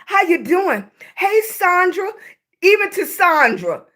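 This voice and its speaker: Woman, Southern US accent, livestream host, high voice, relaxed slow pace, friendly chat with viewers. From Southern United States. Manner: chatty, greets viewers by name, calls them baby.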